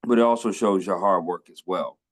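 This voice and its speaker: A man's voice: deep voice, fairly quick. Enthusiastic man hosting a podcast. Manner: enthusiastic, affirming, jokes and laughs. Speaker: podcast host. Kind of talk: casual interview.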